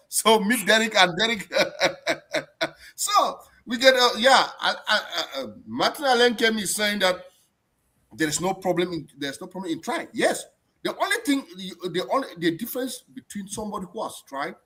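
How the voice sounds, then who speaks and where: A man hosts a live stream in an animated, chatty way. His voice sits a little high and swings widely in pitch, with a bright, forceful edge. He often repeats words and restarts his sentences. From abroad, not German-born. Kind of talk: casual live-stream chat.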